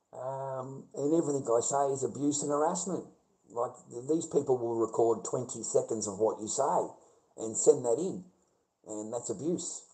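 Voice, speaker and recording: A man's voice: medium pitch, mellow, poor audio. A middle-aged man with an Australian accent, chatting casually on a livestream, blunt and heavy on swearing as he rants back at his viewers.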